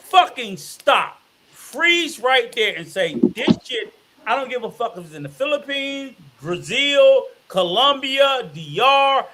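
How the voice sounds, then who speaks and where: High-pitched ranting man, profane. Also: big pitch swings, slow pace, sharp tone, slight background noise. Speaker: podcast co-host. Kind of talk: heated casual debate.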